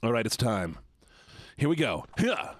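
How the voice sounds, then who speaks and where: A man's voice: mid-range voice, sing-song, unhurried, dry recording, studio quality. A man live-streaming in a playful, joking way, sounding nasal and stuffed-up as he teases his chat. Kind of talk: casual live-stream chatter.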